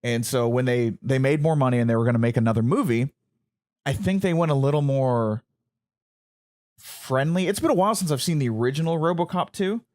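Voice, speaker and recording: Man in his thirties, chatty podcast co-host, rambles and restarts, medium pitch. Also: a little fast, a little mellow. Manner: rambling, self-correcting, stammers on restarts. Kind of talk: casual chat.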